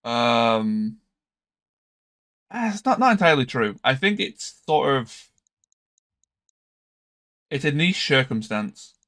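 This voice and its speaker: Male streamer, mid-pitched, sleepy, musing aloud over game choices. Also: big pitch swings, slow pace, pauses often, a bit bright. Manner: thinking aloud, hesitant, trails off. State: tired, yawning. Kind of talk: casual game commentary.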